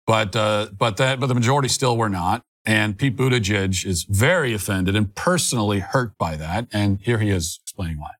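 A man's voice: fairly low pitch, moderate pace, hardly any pauses, dry recording. A man commentator in a played video clip, talking in a sardonic tone. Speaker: political commentator.

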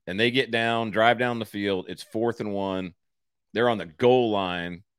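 A middle-aged man hosting a podcast, telling football stories in an animated, casual way. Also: on the low side, measured pace, smooth, dry recording, clean studio sound. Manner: animated storyteller, says "freaking" and "like". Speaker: podcast host. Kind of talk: casual interview chat.

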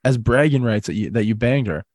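A man's voice: mid-range voice, expressive, fairly quick, darkish tone, dry recording, studio quality. A man hosting a podcast, teasing his guest and laying out crude hypothetical questions with frequent laughter. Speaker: podcast host. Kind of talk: casual podcast chat.

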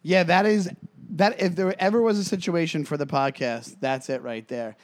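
A man co-hosting a casual comedy podcast, animated and filler-heavy, acting out little scenes as he talks. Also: fairly high pitch, normal speed. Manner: animated, acts out scenes with voices, many fillers. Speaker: podcast co-host.

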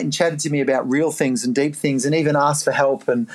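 Earnest Australian man telling his story. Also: fairly quick. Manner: earnest, animated, jumps into a higher voice to act out his own past thoughts. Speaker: guest, life coach. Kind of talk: reflective podcast storytelling.

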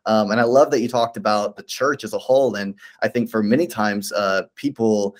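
A man's voice: on the low side, brisk. A man who is a pastor, speaking earnestly and encouragingly in a casual faith conversation, with many fillers and restarts.

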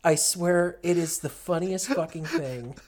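A man's voice: on the high side, a little slow, darkish tone. A man co-hosting a podcast in casual chat, talkative, laughing and swearing as he goes. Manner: chatty, profane, laughing. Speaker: podcast co-host.

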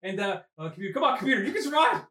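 A man recapping a movie with crude jokes and sudden shouted character voices. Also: sits high, very animated, very fast. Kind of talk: rambling comedic movie recap. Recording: echoey room, far from mic.

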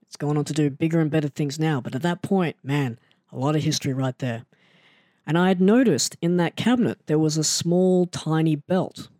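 Animated self-mocking male storyteller. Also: normal speed, dry recording, clean studio sound. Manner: animated, self-mocking, jumps into excited higher pitch. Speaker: storyteller recounting his wrestling start. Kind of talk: casual storytelling monologue.

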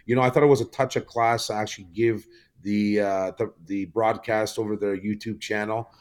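A man's voice: fairly low pitch, fairly even intonation, moderate pace, darkish tone. A man from Canada, a podcast guest, telling a long story in casual chat with lots of fillers and restarts. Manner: rambling storytelling with many fillers.

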